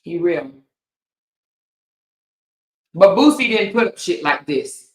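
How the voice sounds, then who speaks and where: A woman's voice: fairly low pitch, very animated, slow. Blunt, profane woman ranting in a roomy space. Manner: blunt, profane, repeats points for emphasis. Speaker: commentary host. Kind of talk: heated commentary rant.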